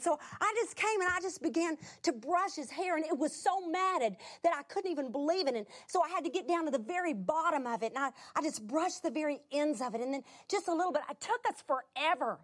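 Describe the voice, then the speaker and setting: A woman preaching through a personal story, animated, swinging from exclamations to hushed whispers. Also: high-pitched, brisk. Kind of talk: sermon storytelling.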